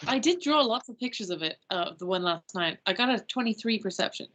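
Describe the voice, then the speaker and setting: A woman playing a tabletop game, chatty and eager, with halting fillers. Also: mid-range voice, lively intonation, fairly bright tone. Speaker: player. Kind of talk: casual tabletop game chat.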